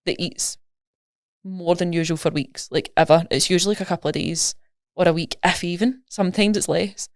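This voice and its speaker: Scottish woman, quick chatty coach, lowish voice, dry close sound. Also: dry recording. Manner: chatty, rapid, animated explaining with examples. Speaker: nutrition coach, guest. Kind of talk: casual podcast interview.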